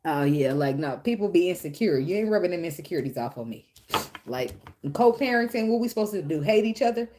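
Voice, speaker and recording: A woman's voice: fairly low pitch, lively intonation, fast talker, mellow. A woman giving a casual tarot reading, blunt and profane, who laughs often and talks straight to the viewer. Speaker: tarot reader.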